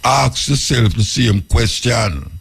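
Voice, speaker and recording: A Jamaican man hosting a radio talk show, speaking slowly and reflectively, posing question after question and chuckling between points. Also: mid-range voice, sing-song, gravelly, husky.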